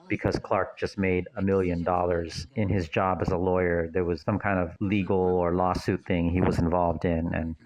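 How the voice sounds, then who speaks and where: A man talks through a film in casual audio commentary, his voice sitting a little low. He wanders off on tangents and thinks out loud. It sounds like an unscripted, relaxed walkthrough. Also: normal speed, hardly any pauses, low-quality recording. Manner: chatty, digressive, thinking aloud.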